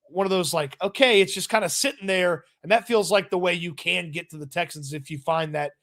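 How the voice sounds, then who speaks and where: A man co-hosting a casual football talk show, giving relaxed analysis with frequent restarts. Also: high-pitched, brisk. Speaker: sports show co-host.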